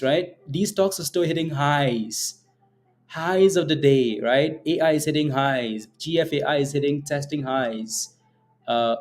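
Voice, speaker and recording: This day-trading livestream host has a slightly high voice with a darkish tone. He chats casually with his viewers, reads the chat, and stays playful, laughing often.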